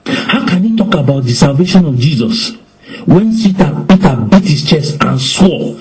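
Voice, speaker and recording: A man preaching with animated delivery, acting out quoted lines in shifting voices. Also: fairly high pitch, moderate pace, poor audio. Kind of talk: lively preaching in conversation.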